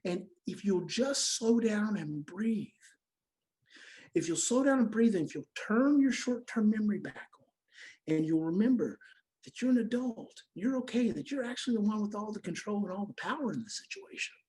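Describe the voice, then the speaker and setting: A woman giving an emphatic, repetitive motivational talk to parents, swinging between loud stresses and soft, quiet passages. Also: medium pitch, lively intonation, a little fast, rough recording. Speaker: parenting educator.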